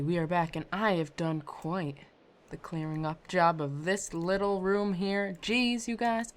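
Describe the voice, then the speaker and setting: A woman giving casual, rambling commentary over her game footage, self-deprecating and quick to get loud and excited. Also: mid-range voice. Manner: rambling, self-deprecating, often says "I don't know"; gets loud and excited when ranting. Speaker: Minecraft let's-player.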